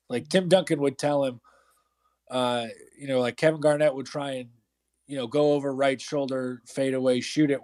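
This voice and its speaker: A man's voice: on the high side, a little mellow, dry recording. A man co-hosting a casual basketball chat, telling stories with amusement and the odd laugh. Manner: amused storytelling, laughing while he talks. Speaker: co-host.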